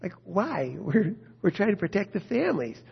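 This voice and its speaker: A husky, rather high-voiced man preaches with passion, pressing question after question on his listeners. The recording is dull and lo-fi, and his tone keeps an urgent edge throughout. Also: sing-song, normal speed. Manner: impassioned, rhetorical questions. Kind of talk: sermon.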